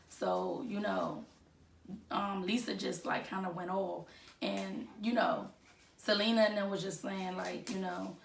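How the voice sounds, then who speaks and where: A woman's voice: medium pitch, fairly even intonation, normal speed, creaky, reverberant, recorded from a distance, a little hiss or hum. A woman giving casual gossip commentary, chatty and full of fillers as she retells what others said.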